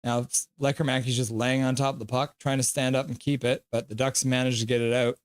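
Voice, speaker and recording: In clean studio sound with a dry recording, a middle-aged man's clear, resonant, medium-pitched voice shows little pitch movement. Hosting a live stream about a hockey game, he playfully reads viewer comments aloud and breaks into quick play-by-play.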